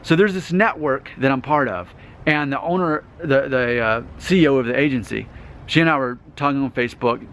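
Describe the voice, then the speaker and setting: A man's voice: medium pitch, brisk, fairly bright tone. A man in his thirties vlogging in a casual, rambling, self-assured way, often restarting his sentences. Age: 30s. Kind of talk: casual talking-head vlog.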